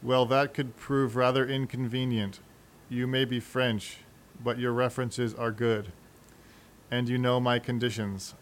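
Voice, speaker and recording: A man voicing a precise, cold English gentleman of about forty, with a clipped, exacting manner. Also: mid-range voice, flat delivery, a little slow, slight background noise, close to an everyday voice. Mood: stiff, exacting.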